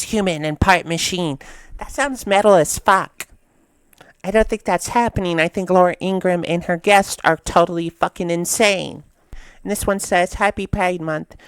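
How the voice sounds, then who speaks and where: A woman's voice: on the low side, clean tone, no echo. A woman hosting a reaction video, reading captions aloud and riffing on them in a chatty, blunt way with casual swearing. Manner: chatty, reads captions aloud then riffs with blunt profanity. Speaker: host reacting to memes.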